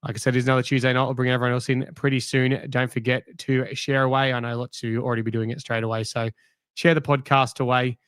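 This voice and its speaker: Australian male host, mid pitch, ribbing his mates, dry close-mic sound. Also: little pitch movement, quick pace, fairly bright tone, clean tone, dry recording. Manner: teasing, joking with panel. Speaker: podcast host. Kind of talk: casual live-stream chat.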